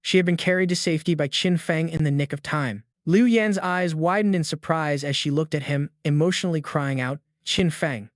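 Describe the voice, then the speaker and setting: A man's voice: a little high, brisk, hardly any pauses, no room sound, studio quality. Man narrating a story recap.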